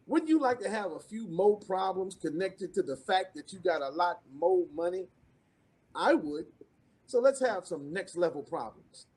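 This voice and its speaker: Introducing the next speaker at an online business event, this man uses a high-pitched, slightly rough voice. His style is preacherly and rhythmic, repeating calls to the crowd and building to excited cries in a high-energy motivational lead-in.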